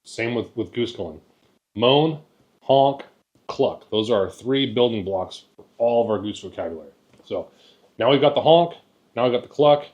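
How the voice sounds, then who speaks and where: A man's voice: mid-range voice, expressive, normal speed, long pauses, darkish tone, muffled recording. A man teaching hunters how to call geese, talking in a folksy way, often repeating words and checking in with "right?". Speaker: goose calling instructor. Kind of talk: casual instructional talk.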